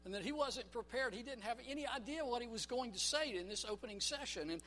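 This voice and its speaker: A man's voice: high-pitched, animated, a little fast, pushed and bright. A man preaching a sermon in church, emphatic and storytelling, drawing the congregation into call-and-response. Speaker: pastor.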